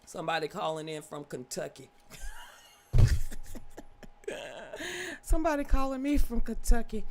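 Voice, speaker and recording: A woman's voice: medium pitch, measured pace, pauses often. A woman, hosting a casual livestream news show, folksy and outspoken with frequent laughter. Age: 50s. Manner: animated, folksy, swears freely, laughs often.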